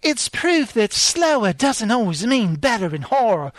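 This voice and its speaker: A prim woman critic with a put-on British accent, lifting her words up high, as a man voices her. It is a dry, close take. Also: big pitch swings, a little slow, dry recording, heavily acted. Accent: mock British.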